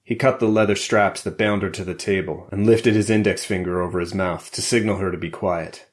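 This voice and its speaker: A man narrating a spy thriller audiobook in a measured, steady way. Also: deep voice. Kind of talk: scripted narration.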